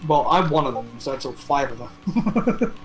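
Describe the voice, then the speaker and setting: Voice-chat buddy with a lively, swinging pitch, jokey and teasing, mid-range voice. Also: normal speed, faint music behind, poor audio. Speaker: friend in the stream's voice chat. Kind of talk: casual banter over a game stream.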